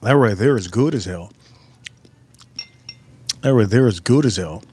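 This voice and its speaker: A man's voice: lowish voice, animated, measured pace, dark tone, a little hiss or hum. A man casually hosting a live stream, joking loosely and talking to viewers in the chat.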